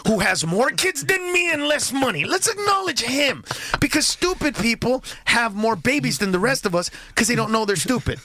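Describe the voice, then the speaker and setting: A man from a Hispanic family in the US, ranting comedically as a guest, acting out little voices and shouting his punchlines. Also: very high-pitched, big pitch swings, normal speed, dry recording. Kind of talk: comedic rant.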